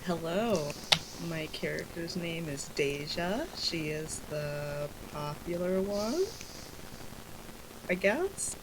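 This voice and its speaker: A woman playing a tabletop game, hesitant and low-key. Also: lively intonation, slow, heavy background noise. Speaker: player. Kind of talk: casual chat.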